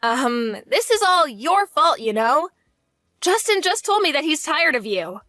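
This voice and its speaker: Blunt, cutting young wife, high animated voice, dry close sound, voiced by a woman. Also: a little slow, no echo, heavily acted. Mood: cold.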